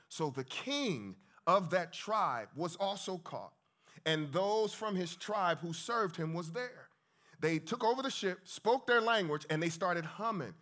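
A man in his fifties telling a dramatic story at a church event, swinging between hushed and loud. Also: sits high, animated, a little slow. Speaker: speaker and singer at a church event. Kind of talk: storytelling talk with sung spiritual.

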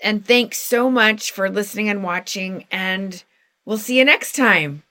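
Lady podcast cohost, bright voice, dry close sound, chatty and giggly. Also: mid-range voice, measured pace, no echo. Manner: chatty, laughs often, acts out quotes. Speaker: podcast co-host. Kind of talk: casual video podcast chat.

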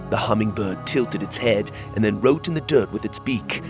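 A man narrating a children's fantasy story in the first person, with expressive storytelling. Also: fairly low pitch, normal speed, over music.

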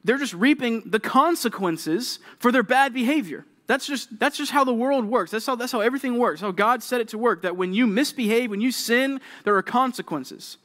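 A young adult man preaching a sermon to junior high students, animated, often acting out quoted kids and checking in with "right?" and "okay?". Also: normal speed, few pauses. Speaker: youth pastor.

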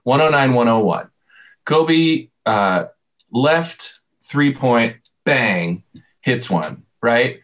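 A man's voice: medium pitch, very slow. A man in casual sports chat, animatedly retelling a game play by play. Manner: animated storyteller, replays moments play by play.

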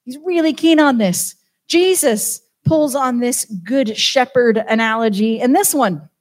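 A British woman delivers a relaxed church sermon, chatty and self-deprecating between the readings. Her voice sits a little high, and she jokes easily with the congregation. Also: unhurried. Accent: British English. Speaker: church team member preaching. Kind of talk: informal sermon.

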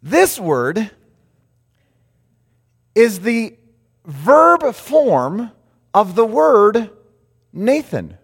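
Male pastor, high and very expressive, echoing in a large sanctuary. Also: very slow, pauses often, breathy edge. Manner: animated storytelling with shifting volume and pace. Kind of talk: sermon. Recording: reverberant hall.

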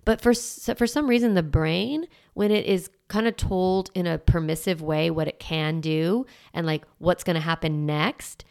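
A woman's voice: on the low side, normal speed, gravelly, hardly any pauses, a little mellow, smooth. A woman in her forties hosting a solo parenting podcast, coaching and encouraging in a casual, chatty way with lots of fillers. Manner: casual and chatty, filler-heavy, laughs easily.

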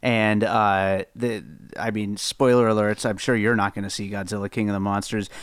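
A man co-hosting a podcast in casual chat, hesitant with many fillers and quick to laugh. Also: fairly low pitch, little pitch movement, smooth, dry recording. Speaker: podcast co-host.

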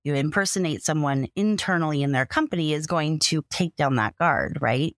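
Woman host, interview, long framing questions, lowish voice, dry sound. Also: fairly quick, dry recording. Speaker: podcast host. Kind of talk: interview conversation.

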